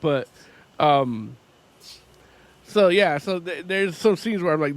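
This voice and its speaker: A man's voice: on the high side, slow pace, pauses often. Casual, laughing male podcast host. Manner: loose, profane, laughs often while talking. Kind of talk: casual chat.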